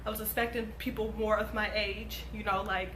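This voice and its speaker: A young woman telling a casual storytime on her vlog, animated and swearing freely. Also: mid-range voice, a little fast, background noise. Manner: animated, swears freely, acts out quoted voices. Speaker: vlogger. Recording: echoey room.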